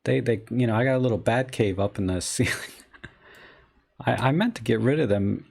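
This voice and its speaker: Man, middle-aged, live stream host, casual rambling chat, mid pitch. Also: brisk, vocal fry, darkish tone. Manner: rambling, chatty storytelling with fillers.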